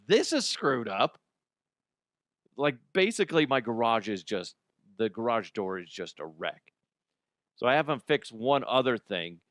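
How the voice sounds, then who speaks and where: A man hosting a comedy show, telling a story in a profane, animated way, laughing and jumping his voice high for effect. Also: normal speed, no room sound, studio quality. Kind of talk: comic storytelling monologue. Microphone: studio microphone.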